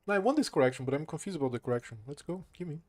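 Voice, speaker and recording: A man's voice: a little high, expressive, rapid-fire, darkish tone. A young man whose first language is Portuguese, chatting casually and self-deprecatingly on a live stream in English.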